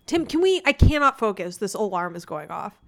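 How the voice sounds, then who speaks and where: A woman's voice: mid-range voice, sing-song, fairly quick, a bit bright. A young woman who is sick, co-hosting a casual comedy podcast with sarcastic, exasperated banter. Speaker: podcast co-host.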